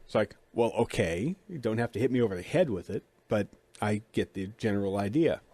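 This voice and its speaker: A middle-aged man tells a story in a relaxed, chatty way, poking fun at himself and playing out both sides of a conversation. His mouth sounds a little dry. The recording is close and dead, with no room sound. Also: fairly low pitch, fast talker, no echo. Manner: chatty, self-deprecating, acts out dialogue. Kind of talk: casual storytelling.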